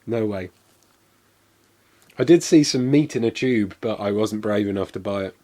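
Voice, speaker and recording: A man's voice: fairly low pitch, a little fast, mellow. Englishman streaming live, loose and self-deprecating, lots of fillers. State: coughing, something went down the wrong way. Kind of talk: casual live-stream taste test.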